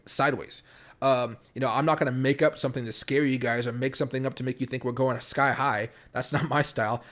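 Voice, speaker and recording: A man hosting a casual late-night crypto live stream from home, talking fast and rambling with lots of fillers and restarts. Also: mid-range voice, fairly even intonation, a bit bright. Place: home room.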